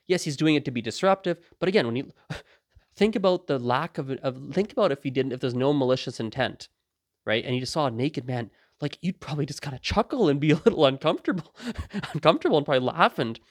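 A slightly high, fairly quick male voice hosts a podcast, captured with clean studio sound and no echo. His casual monologue is animated, full of impersonated voices from his stories and frequent laughter.

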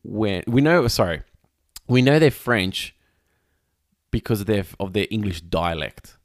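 Casting: lower-pitched man, very lively intonation, chatty podcast co-host who laughs a lot, dry close sound. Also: unhurried, no echo. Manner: animated, laughs often, many fillers. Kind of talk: casual chat.

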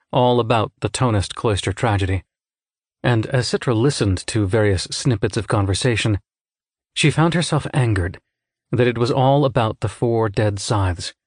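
Brief: male narrator, lowish voice, measured storytelling, dry close recording. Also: dry recording. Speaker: audiobook narrator. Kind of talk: scripted narration.

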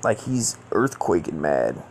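A man's voice: low voice, sing-song, a little slow, a little hiss or hum. A young man telling a rambling, profane story in casual slang, full of fillers. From Southern California.

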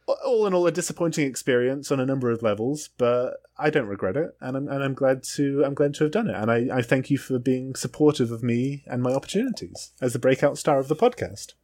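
A man's voice: medium pitch, a little mellow. Joking man co-hosting a podcast. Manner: joking, self-mocking, halting restarts. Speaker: podcast co-host. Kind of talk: casual podcast chat.

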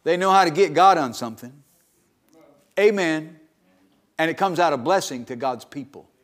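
A man's voice: on the high side, expressive, normal speed, a bit bright. A middle-aged man preaching in church, telling a personal testimony in a folksy way and calling for amens. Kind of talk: sermon testimony.

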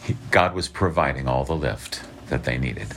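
A man's voice: rumbling low, lively intonation, normal speed, gravelly. A man giving a conversational sermon, often checking in with listeners and restarting his sentences. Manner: conversational preaching with restarts and frequent "okay?" checks. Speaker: preacher.

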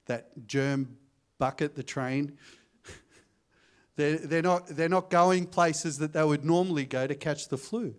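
A young man preaching a sermon in a chatty, storytelling way, calling out to the congregation. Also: fairly high pitch. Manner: conversational, asks the congregation for amens. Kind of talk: sermon with anecdotes. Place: church.

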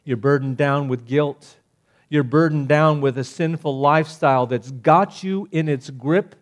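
Man preaching a sermon, fairly high voice, emphatic bursts, quiet gentle appeals. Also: unhurried. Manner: swings between loud emphatic preaching and hushed gentle appeals.

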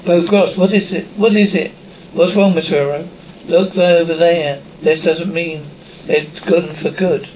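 A man reading subtitles and sound cues aloud in an even, unhurried way. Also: a little high. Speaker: reader of captions. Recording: dull lo-fi recording with faint hiss.

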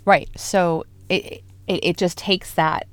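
A woman co-hosting a casual faith podcast, retelling stories in an animated, lively way. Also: fairly low pitch, takes it slowly, no room sound. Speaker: podcast co-host.

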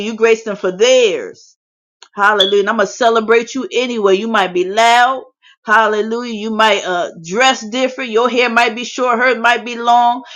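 A woman's voice: medium pitch, a bit bright. A woman leading a faith chat room, preaching and praying with fervor and frequent hallelujahs. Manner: fervent, peppered with hallelujahs. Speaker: prayer leader hosting a faith chat room. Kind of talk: impassioned preaching and prayer. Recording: dull lo-fi phone audio.

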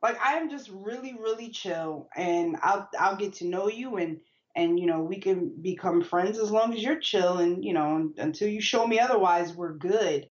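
A woman's voice: mid-range voice, moderate pace, lo-fi sound. A woman in casual chat who speaks in a laid-back, hesitant way with many fillers.

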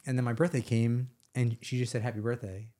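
A man's voice: medium pitch, fairly even intonation, brisk, mellow. A man from New York, a podcast guest, retelling a story in casual chat.

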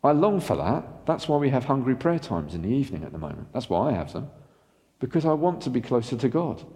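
A man preaching a sermon as pastor, animated and asking the congregation rhetorical questions. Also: mid-range voice, fairly quick, big-room sound.

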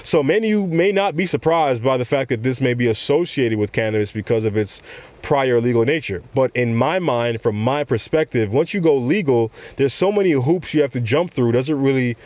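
A man's voice: mid-range voice, fairly quick, darkish tone, dry recording. A young man hosting a podcast, talking casually and rambling as he addresses his listeners directly. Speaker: podcast host. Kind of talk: casual commentary.

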